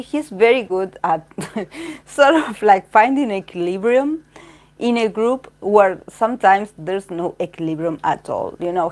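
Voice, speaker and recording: A woman's voice: medium pitch, a little mellow. A woman giving a casual spoken tarot reading, rambling and filling her talk with "like" and "you know". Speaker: tarot reader.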